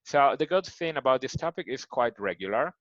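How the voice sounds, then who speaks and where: A man from Mexico with a Mexican Spanish accent, teaching an online English lesson and patiently repeating words slowly to model their pronunciation. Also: medium pitch, expressive, fairly bright tone, no echo, dull audio. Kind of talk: recorded online grammar lesson.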